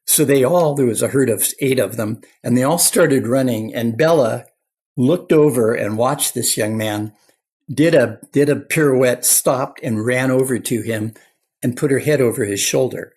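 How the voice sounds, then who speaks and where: Older man with a husky voice. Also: mid-range voice, moderate pace, darkish tone. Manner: earnest anecdotal storyteller. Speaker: clinical psychologist and guest. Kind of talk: storytelling interview talk.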